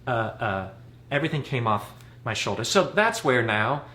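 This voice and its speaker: A man's voice: mid-range voice, sing-song, moderate pace, pushed and bright. A man in his forties, a guest in casual chat, telling personal stories in a candid, rambling way. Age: 40s. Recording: roomy with faint noise.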